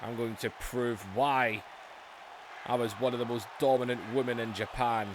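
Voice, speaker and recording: A man's voice: mid-range voice, steady tone, normal speed, background noise, natural voice. A man voicing a proud, fed-up female wrestler cutting a firm challenge promo, in his own plain voice with no accent. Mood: defiant.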